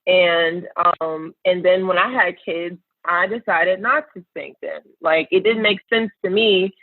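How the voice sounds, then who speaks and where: A woman's voice: on the low side, fairly even intonation, measured pace, no echo. A woman in her thirties, a podcast guest, telling personal stories in an earnest, reflective way, often searching for her words. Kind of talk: personal storytelling in conversation. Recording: tinny phone-like line, dry.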